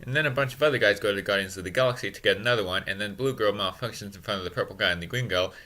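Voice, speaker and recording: A man giving a sarcastic, self-mocking comedy recap of a movie in a deadpan, snarky way. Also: lowish voice, racing. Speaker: movie reviewer.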